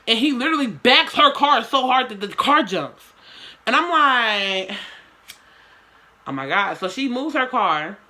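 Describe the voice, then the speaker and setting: A woman's voice: high-pitched, lively intonation, a little slow, bright, forceful tone. A young woman telling a story to her camera in casual slang, with swearing and lots of dramatic asides.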